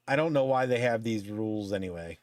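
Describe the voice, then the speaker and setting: A man's voice: on the low side, lively intonation, moderate pace, no echo. Profane, ranting man with a dry sound. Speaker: podcast host. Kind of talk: casual chat.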